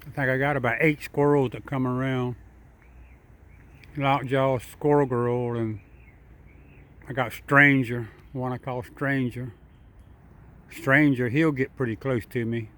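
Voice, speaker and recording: A man's voice: medium pitch, steady tone, measured pace, long pauses, fairly bright tone. Older guy out in the yard, drawly, rambly, sweet-talking a squirrel. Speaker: backyard vlogger feeding squirrels. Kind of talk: casual talk to animals and camera. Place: outdoors in a backyard.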